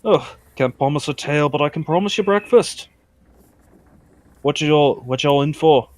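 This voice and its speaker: A man's voice: on the high side, moderate pace, no room sound, voice pushed up, natural voice. A man voicing a burly male orc tavern keeper who talks in a folksy, drawling way with an accent that keeps slipping. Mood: homely.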